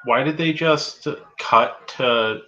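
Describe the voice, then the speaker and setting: A man's voice: medium pitch, slow pace, pushed and bright. A man co-hosting a podcast, chatting casually and telling stories while reacting to a wrestling show. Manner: chatty storyteller, sighs often. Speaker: podcast co-host. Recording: muffled lo-fi audio.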